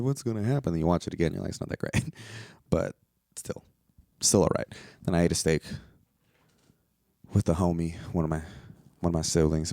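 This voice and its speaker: This is a casual solo podcast rant from a young man in the United States who rambles, swears and sounds exasperated. He has a low, creaky voice with a dark tone, captured dry in a clean studio.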